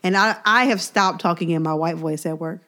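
A woman co-hosting a podcast in casual chat. She talks in a relaxed, candid way, with many fillers, and searches for her words. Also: fairly low pitch, fairly quick.

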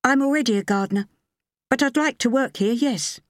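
A woman's voice: on the high side, fairly quick, dry recording, studio quality, voice pushed up, close to an everyday voice. A woman voicing a poised, proud young woman gardener, speaking steadily, in an audiobook. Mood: composed.

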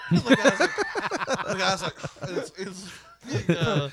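Male podcast guest, fairly high voice, profane and animated when retelling scenes. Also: slow pace, crowd noise. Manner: profane, acts out sketches with high squeaky voices. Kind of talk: casual podcast chat.

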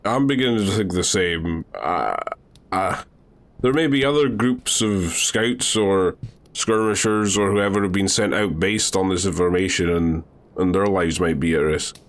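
A man's voice: low voice, a little slow. A man playing a tabletop game, hesitant and prone to stammering. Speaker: player. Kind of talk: casual chat over voice call.

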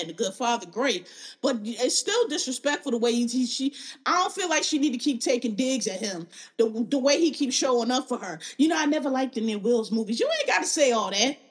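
On her podcast, a Philadelphia woman with a fairly high-pitched voice lays out her views bluntly and with emphasis, cursing liberally as she heats up.

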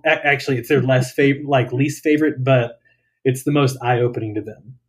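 A young man talks easily as a guest on an interview show, his voice sitting in an ordinary middle pitch. He tells his anecdotes in a loose, relaxed way and laughs along with them. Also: normal speed, slightly rough. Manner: relaxed storyteller, laughs while telling anecdotes. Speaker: guest, dietitian. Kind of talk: casual interview chat.

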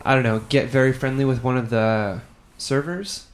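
A man's voice: medium pitch, moderate pace, a little hiss or hum. A man co-hosting a podcast in casual chat, telling a laid-back story and swearing now and then. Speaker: podcast co-host.

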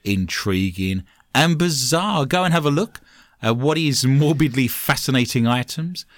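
A man with an English accent hosting a podcast, chatting in a joking, animated way. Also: mid-range voice, unhurried, no echo, studio quality. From England. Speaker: podcast host. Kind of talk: casual podcast chat.

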